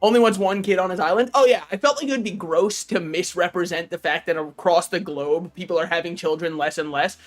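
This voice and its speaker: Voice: medium pitch, a little fast, hardly any pauses, faint music behind. Joking, cussing game streamer. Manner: joking, animated, swears freely; talks to chat and game characters. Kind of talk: casual gaming stream commentary.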